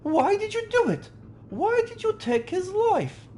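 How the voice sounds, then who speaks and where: A man dubbing a game live, voicing a young woman in a high falsetto put-on voice. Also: big pitch swings, measured pace, noisy background, full character voice. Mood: accusing. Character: young woman, a calm, earnest assistant.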